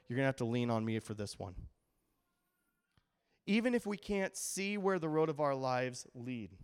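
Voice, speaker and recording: Middle-aged male pastor, conversational sermon, mid pitch, acts out quotes. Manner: animated storytelling with acted-out quotes.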